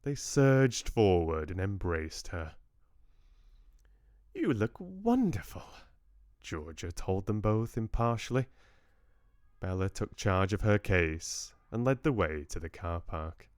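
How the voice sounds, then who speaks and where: Low, unhurried male storyteller. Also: smooth, no room sound, studio quality. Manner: measured, expressive storytelling. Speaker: book club host reading aloud. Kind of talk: novel read aloud on a livestream.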